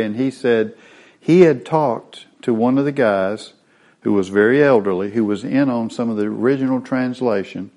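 A man's voice: medium pitch, darkish tone. A man teaching a Bible lesson in a sermon style, explaining word meanings step by step.

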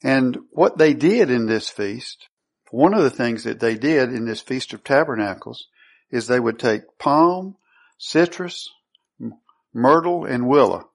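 A man's voice: mid-range voice, expressive, unhurried, vocal fry. Man preaching with rhetorical questions. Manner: asks the congregation rhetorical questions and answers them; reads scripture aloud, then comments on it. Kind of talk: sermon, Bible teaching.

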